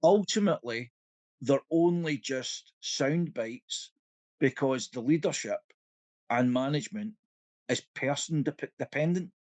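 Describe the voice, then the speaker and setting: A man's voice: medium pitch, lively intonation, unhurried, a little mellow, dry recording. A Scottish man co-hosting a podcast in casual chat, acting out quotes and laughing often. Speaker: podcast co-host.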